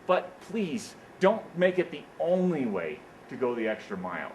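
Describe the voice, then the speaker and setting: A man giving a motivational speech at an engineering career event, telling stories in an animated way and often repeating "what happens is, is that", in an indoor meeting room. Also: medium pitch, moderate pace, a little hiss or hum, rough recording.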